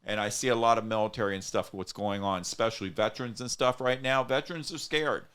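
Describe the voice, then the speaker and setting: A man's voice: on the low side, fairly even intonation, fast talker, fairly bright tone, clear, resonant tone. A man hosting a casual talk show, speaking earnestly and at length straight to his viewers. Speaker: show host.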